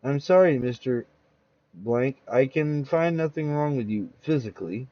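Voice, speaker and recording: A formal male doctor voiced by a man delivers his words in a measured, clinical tone. His pitch is ordinary, and the audio is muffled and lo-fi. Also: animated, no room sound, natural voice.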